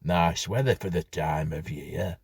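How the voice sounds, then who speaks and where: A man's voice: low-pitched, unhurried, vocal fry, a little mellow, slightly rough, dry recording, full character voice. A man voicing a benign, chatty middle-aged grocer with a Yorkshire accent, making small talk.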